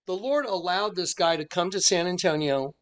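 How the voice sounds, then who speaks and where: Earnest man with a high, clear voice. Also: moderate pace. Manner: animated storyteller who acts out the people he quotes; earnest and insistent. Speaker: online preacher and channel host. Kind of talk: recounting a personal story to viewers.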